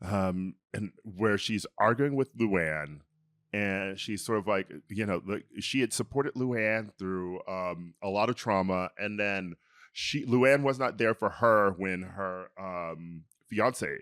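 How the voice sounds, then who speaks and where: A man's voice: fairly low pitch, slow pace, fairly bright tone, no room sound, clean studio sound. A man hosting a podcast, chatting in a playful, gossipy way and reading sponsor spots. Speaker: podcast host. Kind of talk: casual chat and ad reads.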